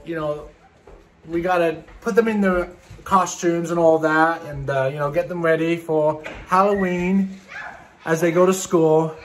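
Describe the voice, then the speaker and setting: A man's voice: on the high side, noisy background. A middle-aged man chatting casually to viewers in a family vlog at home, rambling with lots of fillers. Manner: rambling, with many "uh" and "you know"; speaks to the viewers directly as "guys". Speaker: family vlogger and dad. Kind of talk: casual vlog chat to camera.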